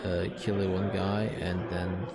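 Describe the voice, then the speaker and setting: Male commentator, low voice, casual halting delivery; loud music in the background. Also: flat delivery. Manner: loose, halting, with restarts. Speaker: tournament commentator. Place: busy convention hall.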